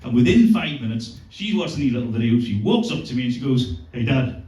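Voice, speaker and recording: A very animated man in his forties talks fast in a mellow, mid-range voice during a stand-up set at a comedy club. He spins foul-mouthed, boastful tales about his family, recorded from a distance with the room's sound and audience noise.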